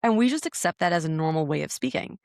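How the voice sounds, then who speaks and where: A breathwork teacher on a podcast talks fast and animatedly in a deep voice, telling her story in an earnest, searching way with frequent word repetition as she thinks. The audio is studio quality with no room sound.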